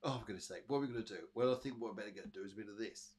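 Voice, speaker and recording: Chatty, husky-voiced British man. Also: fairly low pitch, very fast, a little mellow. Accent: British English. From Britain. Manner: chatty, addresses viewers by name, many fillers. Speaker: psychic medium and show host. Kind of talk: live-streamed casual readings to viewers.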